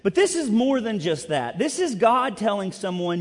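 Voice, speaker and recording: High-voiced pastor preaching in a reverberant hall. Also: male voice, moderate pace. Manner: conversational, self-deprecating, expressive. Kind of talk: sermon. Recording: long reverb of a large hall.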